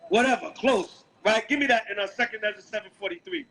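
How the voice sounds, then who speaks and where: High, bright Brooklyn man preaching. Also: fast, low-quality recording. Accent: Brooklyn, New York. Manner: emphatic, calls out verses, asks "right?" often. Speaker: street preacher. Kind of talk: street sermon with scripture reading.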